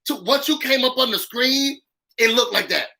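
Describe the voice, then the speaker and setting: A man's voice: very high voice, normal speed, gravelly, sharp tone, low-quality recording. A man hosting a casual reality TV recap, talking in a sassy, dramatic, slangy way and repeating lines for emphasis. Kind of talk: casual live recap commentary.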